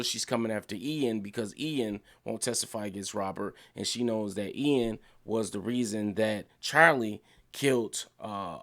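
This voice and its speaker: A young man casually reviewing a TV show, excited and profane, his pitch jumping up when he gets worked up. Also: vocal fry.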